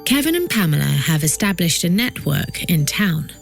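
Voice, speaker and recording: A woman narrating a documentary podcast from a script, with a measured delivery that builds suspense. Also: fairly low pitch, sing-song, creaky, over music.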